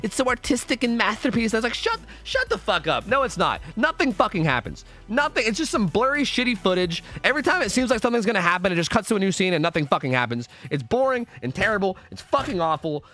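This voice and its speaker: A young man streaming a game live, chatting with his viewers in a profane, excitable, rambling way. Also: high voice, quick pace, hardly any pauses. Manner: rambling with frequent restarts and fillers. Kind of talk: casual live-stream chat while gaming.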